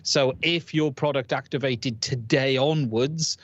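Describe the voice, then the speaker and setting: A man's voice: mid-range voice, a little slow, highs cut off. A man on a live stream panel, talking keenly about drones and often restarting his sentences. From United Kingdom. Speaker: guest drone pilot.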